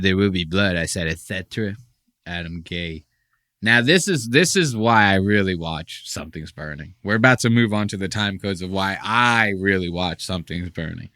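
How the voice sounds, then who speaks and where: A man's voice: sits low, no echo, clean studio sound. A man hosting a podcast in casual reaction chat, swearing freely and acting out quotes with mocking impressions. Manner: animated, swears a lot, does mocking impressions. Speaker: podcast host.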